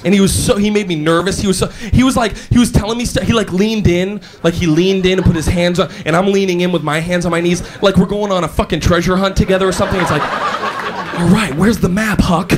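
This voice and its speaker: A male stand-up comedian telling an animated story, acting out voices with big pitch jumps. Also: fast talker, few pauses. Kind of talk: stand-up routine. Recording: live stage with loud crowd laughter. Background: audience laughing.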